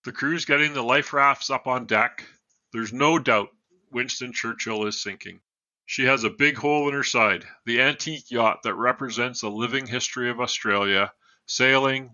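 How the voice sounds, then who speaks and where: A man with a very bright, forward voice tells a true story as a podcast guest, moving from read narration to casual asides. The sound is dry and a little dull, as if on a modest home mic. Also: mid-range voice, moderate pace, no echo.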